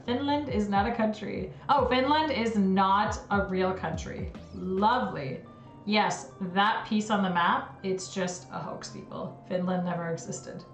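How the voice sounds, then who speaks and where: A woman's voice: mid-range voice, echoey room. A woman hosting a casual livestream, chatty and giggly as she reacts to what she reads. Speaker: livestream host. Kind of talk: casual livestream chat reading conspiracy theories.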